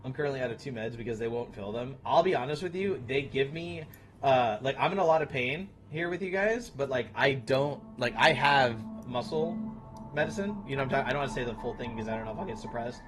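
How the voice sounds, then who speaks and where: Man, 30s, streamer, casual chat, blunt, swears a lot, mid pitch, clear music behind. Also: animated, fast, a bit bright. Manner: blunt, profane, talks to chat.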